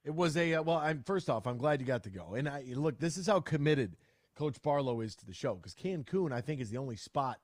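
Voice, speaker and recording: A man hosting a sports talk radio show, energetic and playful, bantering with a guest. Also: medium pitch, a little fast, no echo, clean studio sound. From Michigan. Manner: energetic, lively, playful with quoted voices. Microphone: studio radio mic.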